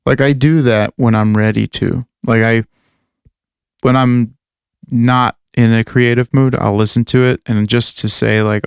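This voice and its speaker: A man co-hosting a podcast talks in a loose, rambling way, full of fillers and cursing. His voice has a gravelly edge but stays smooth and clear. The sound is dry and close. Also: medium pitch, fairly even intonation, measured pace, dry recording. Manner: rambling, swears a lot, many fillers. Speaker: podcast co-host and metal musician. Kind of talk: casual chat.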